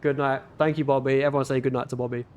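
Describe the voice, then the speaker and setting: A man's voice: mid-range voice, little pitch movement, racing, a little mellow, highs cut off, slight background noise. A man with a northern English accent, chatting casually with viewers while gaming on a livestream in a laid-back, rambling way. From northern England.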